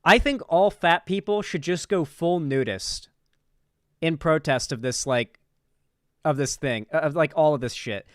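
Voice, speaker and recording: A man's voice: a little high, a little slow, no echo, clean studio sound. A man giving casual reaction commentary on a clip, talking in a loose, profane and incredulous way. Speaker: political commentary streamer.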